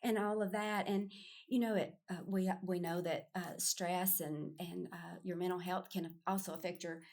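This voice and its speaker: A woman's voice: fairly low pitch, fairly even intonation, moderate pace, creaky, darkish tone. A middle-aged woman, a podcast guest telling a personal story in casual conversation, earnest and full of restarts. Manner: earnest, storytelling with quoted voices.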